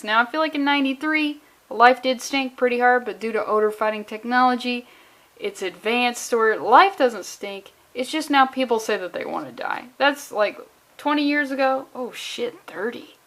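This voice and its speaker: Woman comic, slightly high voice, reads aloud casually and breaks into dry, sarcastic tangents. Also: moderate pace. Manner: sarcastic, deadpan tangents, stumbles over words while reading. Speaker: comedian reading a comic book aloud. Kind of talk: casual comic reading with joking asides.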